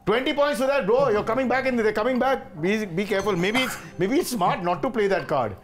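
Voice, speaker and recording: A man with an Indian English accent hosting a quiz show, playful and teasing with quick asides. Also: sits high. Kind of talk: joking game show hosting.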